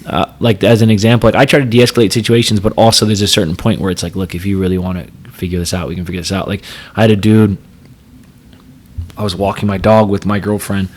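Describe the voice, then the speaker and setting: A man's voice: on the low side, flat delivery, quick pace. A man in his thirties, a podcast guest telling stories in a rambling, casual way, full of fillers and swearing. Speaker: podcast guest, pro fighter. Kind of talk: casual storytelling chat.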